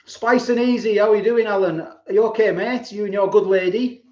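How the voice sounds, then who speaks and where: A man's voice: high voice, fairly even intonation, a little fast, darkish tone. A man, hosting a casual live stream, reading out viewer comments and laughing often as he reminisces. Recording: roomy, slightly dull live-stream audio.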